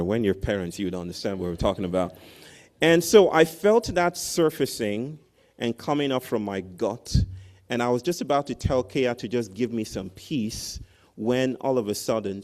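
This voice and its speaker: A man's voice: medium pitch, a little mellow. A man giving a commencement speech, telling a story animatedly and often tagging his sentences with "right?". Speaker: commencement speaker. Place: large tent outdoors at a ceremony.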